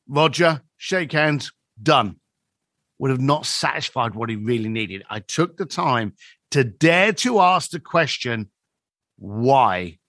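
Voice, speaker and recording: A man in his fifties tells stories as a podcast guest, his voice sitting high and bright. He swings his pitch widely, acting out each quoted line. The sound is close and dry. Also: no echo. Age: 50s. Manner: animated storyteller acting out quoted dialogue. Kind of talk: storytelling in a podcast conversation.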